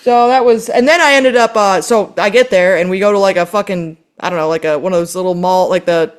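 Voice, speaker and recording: A woman on a podcast telling a story in casual chat, animated and exasperated, swearing often. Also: medium pitch, a little fast. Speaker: podcast co-host.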